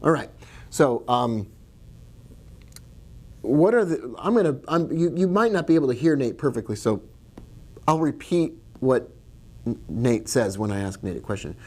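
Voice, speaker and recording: A man's voice: mid-range voice, expressive, moderate pace, long pauses, a little mellow. A man teaching about trading in a casual video lesson, chatty and digressive, with jokes and asides. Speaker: trading educator.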